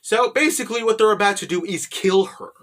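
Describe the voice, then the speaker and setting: A man's voice: high-pitched, brisk, fairly bright tone. A man giving a rambling, profane, casual recap of an anime, filled with "you know" and "right?".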